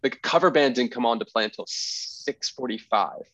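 A man hosting a podcast, telling a story in a rambling, animated way and acting out the people he quotes. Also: mid-range voice, moderate pace. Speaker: podcast host. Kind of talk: casual storytelling chat.

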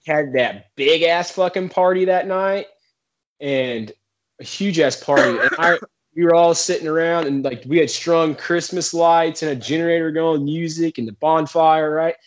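A man's voice: on the high side, moderate pace. Rambling swearing man on muffled audio. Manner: profane, rambling, laughs often. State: drunk in the story only. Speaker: podcast co-host. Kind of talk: casual storytelling among friends.

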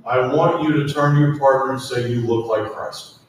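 A man preaching a sermon as pastor, slow and emphatic, repeatedly asking the congregation to speak to their neighbors. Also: mid-range voice, slight background noise. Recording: echoey hall, mic at a distance.

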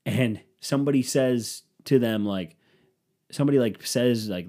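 A man casually telling a profane, sarcastic story and acting out what others said in quick impressions. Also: medium pitch, warm tone. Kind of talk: casual storytelling with acted-out quotes.

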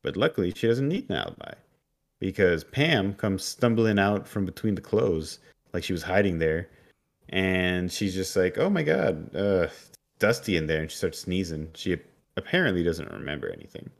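Very deep-voiced man recapping casually. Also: expressive, moderate pace, vocal fry. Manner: retells the plot loosely with fillers. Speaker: podcast co-host.

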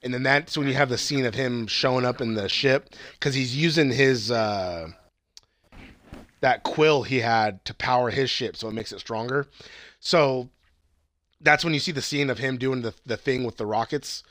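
A man casually recapping a movie plot on a podcast, excited and rambling, swearing often and laughing at the funny parts. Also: mid-range voice, moderate pace, no echo. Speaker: podcast co-host reviewing movies.

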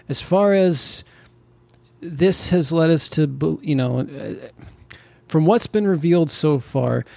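A man's voice: fairly high pitch, gravelly, darkish tone, no room sound. A man co-hosting a casual review chat about a TV series, talking in a skeptical, hesitant way with many restarts. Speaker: podcast co-host reviewing a TV series.

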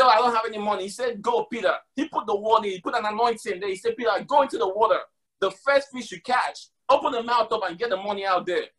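A man with a high, bright voice preaches a sermon, hammering his points home by repeating them. Between scripture quotes he slips in casual slang.

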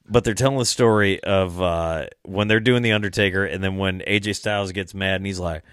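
A man's voice: low-pitched, fairly even intonation, brisk, a bit bright, smooth, no echo, clean studio sound. A man chatting as a guest on a casual podcast, rambling, laughing often and swearing freely.

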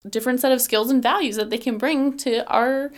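A woman's voice: sits high, steady tone, brisk. A woman, a political candidate talking in a casual interview, earnest, with many fillers and restarts.

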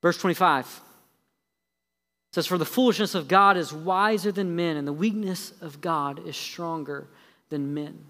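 A male pastor preaching a sermon. He shifts between quick, heavy sarcasm and slow, low emphasis on his key points. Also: sharp tone, big-room sound. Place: church sanctuary.

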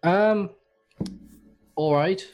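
A man speaking as a podcast guest, hesitant with many pauses and ums. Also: high voice, lo-fi sound. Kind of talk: casual chat among friends.

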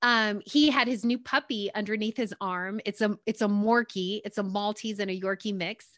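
A woman's voice: medium pitch, fairly even intonation, normal speed, fairly bright tone, dry recording, studio quality. A young adult woman telling a personal story in a casual, rambling way, often circling back with "anyway" and "like". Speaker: guest sharing her story.

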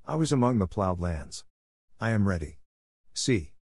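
A man's voice: on the low side, very animated, measured pace, darkish tone, no room sound, clean studio sound, exaggerated voice. A man reading aloud, voicing a bold, defiant boy raised by wolves. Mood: eager. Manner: bold, eager. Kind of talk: audiobook reading.

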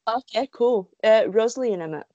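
A woman from the UK chatting casually, telling fan stories in a gushing, giggly, animated way. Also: a little high, brisk, no room sound, lo-fi sound. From United Kingdom. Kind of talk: casual chat.

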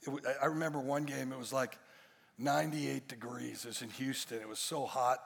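A man's voice: medium pitch, steady tone, fairly quick, creaky, a bit bright, in a large hall. A male pastor delivering a sermon to a congregation, emphatic and full of rhetorical questions and jokes. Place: church stage before a congregation.

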